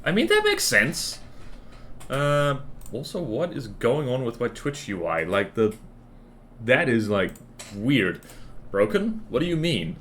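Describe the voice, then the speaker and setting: A male game streamer reading game text aloud and cracking jokes in relaxed commentary. Faint noise hums in the background. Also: mid-range voice, takes it slowly. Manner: jokey, reads game text aloud between quips.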